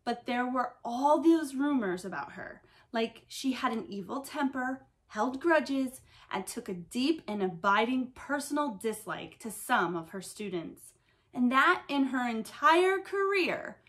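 A woman's voice: a little high, lively intonation, measured pace, a bit bright. A woman teacher reading a picture book aloud to children, telling the story expressively.

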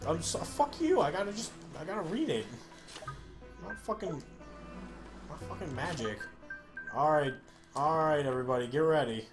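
A man's voice: on the high side, expressive, normal speed, pauses often, over music. A man giving casual let's-play commentary, swearing and joking while he retells a story in the game. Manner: profane, joking, paraphrasing. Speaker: gaming streamer.

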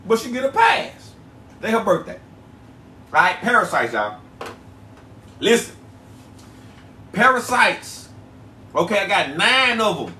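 A man's voice: very high-pitched, very animated, measured pace, pauses often, sharp tone, a little hiss or hum. A man hosting a casual livestream, chatting loosely with viewers, often repeating himself and stretching out his phrases. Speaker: livestream host selling herbal products. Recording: echoey room, voice a bit far from mic.

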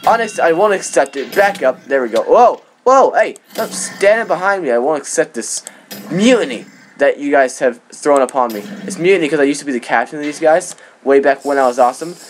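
A man hosting his gaming channel, rambling through casual gameplay commentary with jokey boasts and excited outbursts. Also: fairly high pitch, brisk, soft background music. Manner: rambling with frequent restarts.

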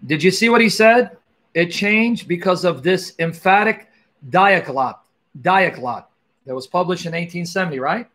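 A man's voice: high-pitched, normal speed, fairly bright tone. A man hosting a Christian apologetics stream, commenting emphatically on a played clip, repeating key words and addressing viewers directly. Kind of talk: commenting on a played video, livestream.

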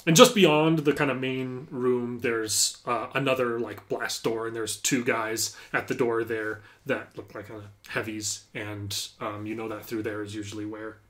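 A man running a tabletop game as game master, pitched in the middle of the male range. He narrates loosely and conversationally, scattering fillers and restarts through his descriptions. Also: steady tone, a little slow, hardly any pauses, fairly bright tone. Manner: casual, filler-heavy narration with many "like"s.

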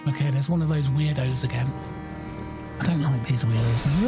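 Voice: mid-range voice, normal speed, music in the background. A game streamer gives bemused live commentary, thinking aloud and exclaiming at what happens.

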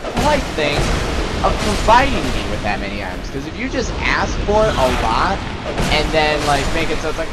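A young man talking through a video game in a lively, up-and-down voice that sits a bit high. He rambles and jokes, sometimes mumbling under his breath and sometimes ranting loudly. Heavy background noise runs under the whole recording. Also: moderate pace. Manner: rambling, jokey, swings from mumbling to loud outbursts. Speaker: gaming channel host. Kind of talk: Let's Play commentary.

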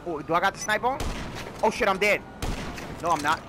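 A man giving loud, animated, slang-filled commentary while playing a video game, swearing often. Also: a little high, a little fast, long pauses, very noisy. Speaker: gaming YouTuber. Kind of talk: casual gameplay commentary.

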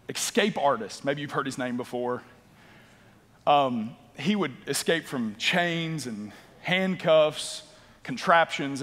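A pastor delivers his sermon in a notably high voice that rings out through a long hall reverb. He swings from loud emphatic bursts down to low, quiet passages. He often repeats words as he builds toward a point. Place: church auditorium.

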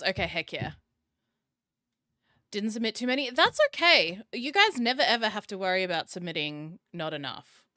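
Woman streamer, casual chat to viewers, giggly, bright voice, dry close sound. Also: mid-range voice, no echo. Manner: giggly, chatty, addresses chat directly. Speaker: streamer host.

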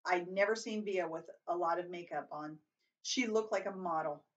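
A woman's voice: lowish voice, normal speed, distant mic, dull audio. A woman reading a first-person novel aloud, plainly, with occasional stumbles and self-corrections. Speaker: reader.

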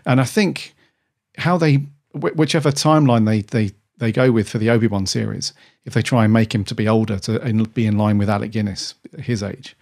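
Speaking briskly with vocal fry, a man with a lowish, darkish voice co-hosts a podcast in casual conversation. His talk rambles and he frequently starts over.

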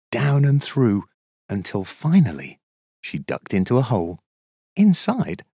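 A man narrating a children's storybook in an expressive, measured, sing-song way. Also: medium pitch, husky, dry recording, clean studio sound.

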